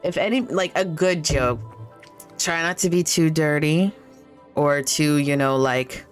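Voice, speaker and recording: A woman's voice: low-pitched, measured pace, faint music behind. A woman game streamer in a rambling casual chat with her viewers, swearing freely and telling stories between greetings.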